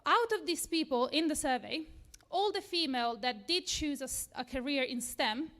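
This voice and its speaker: This Italian woman speaks with a fairly high, somewhat bright voice at a moderate, animated pace, apparently delivering a lightning talk to a live crowd in an event room. Her tone is sincere, a touch nervous, and gently self-mocking.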